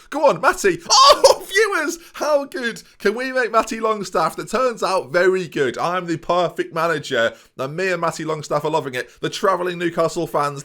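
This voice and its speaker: A man doing excitable let's play commentary, talking straight to his viewers with mock-boastful swagger. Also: a little high. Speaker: gaming YouTuber.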